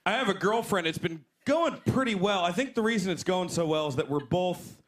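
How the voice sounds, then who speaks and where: A man in his twenties doing a stand-up set, animated and jumping into loud put-on voices. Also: high voice, fairly quick, background noise. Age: 20s. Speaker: stand-up comedian. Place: comedy club stage. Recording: live club recording with crowd laughter. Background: audience laughing.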